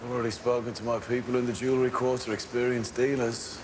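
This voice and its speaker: An actor playing a controlled gang leader, speaking in a cold, deliberate, clipped way in a television crime drama. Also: male voice, medium pitch, flat delivery, natural voice. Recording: film soundtrack with background noise.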